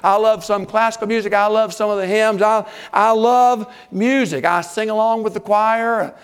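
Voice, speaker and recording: An older man preaching a sermon as pastor, animated, with sudden loud bursts and hushed asides. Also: sits high, normal speed, clean tone.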